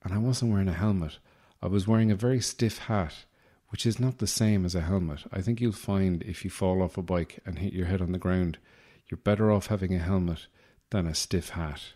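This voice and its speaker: Deep-voiced Irish man, rambling wry monologue. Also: brisk, hardly any pauses, warm tone. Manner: rambling, self-deprecating, wry. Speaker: podcast host. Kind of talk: comic monologue.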